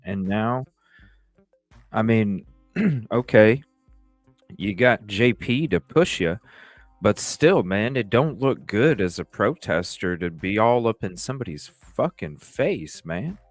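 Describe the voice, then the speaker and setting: A man hosting a livestream, telling stories in a rambling, profane, animated way. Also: fairly low pitch, takes it slowly, dry recording, faint music behind. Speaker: livestream host. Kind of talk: casual livestream talk.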